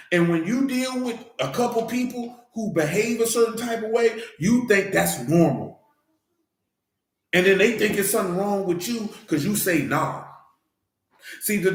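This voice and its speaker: A man with a high-pitched voice preaches informally in a church, speaking emphatically and conversationally straight to the congregation. The sound is reverberant.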